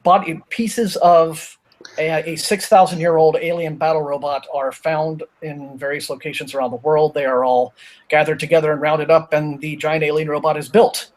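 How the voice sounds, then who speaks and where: A man hosting a live group chat over a video call, rambling and opinionated, with many restarts. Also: a little high. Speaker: booktuber host of a live show.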